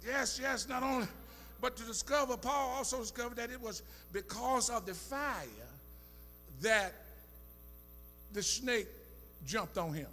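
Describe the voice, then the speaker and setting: A male pastor preaching a sermon in rhythmic call-and-response style, rising into shouts and half-sung phrases. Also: very high voice, a little slow, pauses often, big-room sound, slight background noise. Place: church sanctuary.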